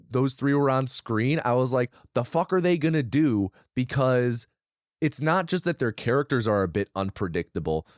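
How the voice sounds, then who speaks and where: A man talks through a film on a podcast in an easygoing, rambling way, circling back and restarting his thoughts. His voice sits at an ordinary pitch. The recording is dry and close, with no room sound. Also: darkish tone, no echo. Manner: loose, rambling, restarts and hedges. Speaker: podcast co-host. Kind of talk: casual film discussion.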